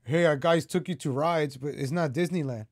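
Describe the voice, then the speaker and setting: Man, fairly high voice, heated vlog rant, repeats himself, dry close sound. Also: normal speed, no room sound. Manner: heated and repetitive, talks straight to viewers. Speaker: political commentary vlogger. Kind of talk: ranting opinion vlog.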